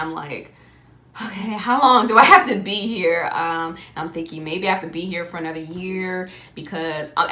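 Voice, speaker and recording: A young adult woman vlogger tells a personal story in a casual, animated way, laughing often and jumping up high on her exclamations. The recording is reverberant.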